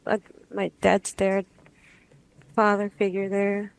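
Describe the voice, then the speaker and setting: A woman client under hypnosis describing what she sees in a hesitant, halting way, full of pauses. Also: mid-range voice, completely flat delivery, vocal fry, smooth, rough recording. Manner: hesitant, halting, dreamy speech with pauses and restarts.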